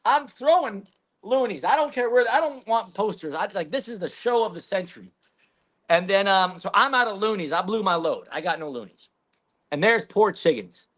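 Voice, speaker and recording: A man's voice: high-pitched, animated, normal speed, a bit bright. A man, a podcast guest telling a rambling, profane story in casual chat. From Canada.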